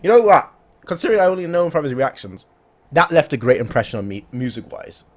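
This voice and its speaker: A man's voice: on the high side, sing-song, fast talker, faint music behind. A man hosting a reaction video, giving casual commentary and often stammering and restarting his sentences.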